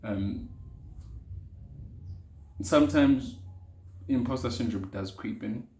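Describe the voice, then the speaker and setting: A man's voice: mid-range voice, takes it slowly, dark tone. A young South African man hosting a casual solo podcast. He talks earnestly, repeats his key phrases and drops Zulu words into his English. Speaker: podcast host. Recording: echoey room with faint ambience.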